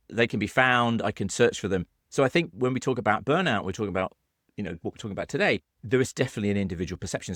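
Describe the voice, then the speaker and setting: A man's voice: on the low side, no echo, clean studio sound. A man with a British accent co-hosting a podcast, talking earnestly and explaining with frequent restarts. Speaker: podcast co-host. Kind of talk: conversational podcast discussion.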